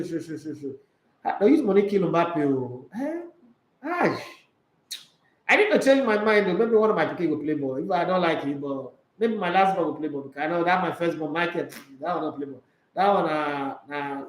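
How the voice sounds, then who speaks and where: A man with a Nigerian accent hosts a casual sports chat on a live stream, dropping into Pidgin when he reads viewer comments aloud. His voice is fairly high, and the rough recording has a lot of reverb.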